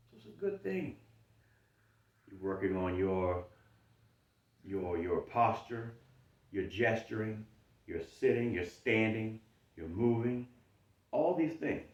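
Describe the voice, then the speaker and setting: Deep-voiced man, lively, echoey distant mic. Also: slow pace, long pauses. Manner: animated, acts out inner doubting voice in high mocking tones. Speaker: self-improvement coach. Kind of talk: explanatory monologue. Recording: dull roomy sound from mic at a distance.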